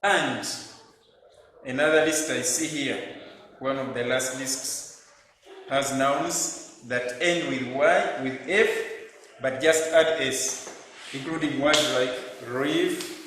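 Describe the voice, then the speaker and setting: A man teaching a grammar lesson to schoolchildren, talking slowly and deliberately and spelling words out letter by letter. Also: mid-range voice, steady tone, fairly bright tone. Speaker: primary school English teacher. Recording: echoey room, distant mic, faint noise.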